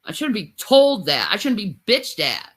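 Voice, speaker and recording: A woman's voice: medium pitch, very animated, moderate pace, slightly rough. A woman ranting angrily at her husband, profane and bitter. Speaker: livestreamer. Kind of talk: angry rant.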